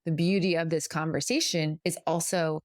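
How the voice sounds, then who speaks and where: A woman's voice: deep voice, fairly even intonation, moderate pace, no room sound, studio quality. A middle-aged woman co-hosting a casual podcast, explaining her thoughts earnestly and at length, often correcting herself mid-sentence. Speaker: podcast co-host.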